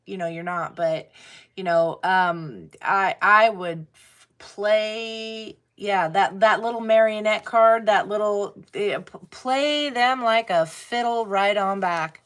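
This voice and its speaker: Slow-talking blunt tarot reader woman. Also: medium pitch, a bit bright. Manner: blunt, swears freely, laughs while talking. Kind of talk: casual tarot reading talk.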